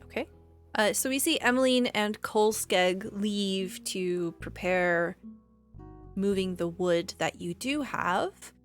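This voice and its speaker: A woman running a tabletop game as game master, narrating in a calm, measured way. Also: mid-range voice, soft background music.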